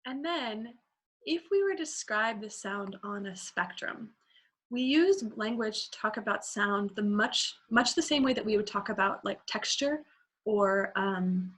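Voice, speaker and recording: A woman voice teacher leading a singing class. She talks in a relaxed, conversational way with fillers and breaks into sung examples to show each sound. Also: medium pitch, unhurried.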